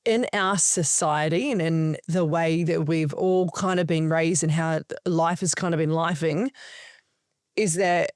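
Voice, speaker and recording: A woman's voice: low voice, measured pace, dry recording, studio quality. A woman who coaches for a living, telling stories animatedly in a casual podcast chat and swearing often. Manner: animated storytelling, frequent swearing. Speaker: podcast guest, spiritual coach.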